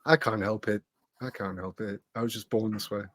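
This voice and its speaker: A man's voice: on the low side, steady tone, fairly quick, a bit bright, no echo. A man hosting a podcast in casual chat, laid-back and teasing his guest. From not Australian, moved there as a backpacker. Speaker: podcast host.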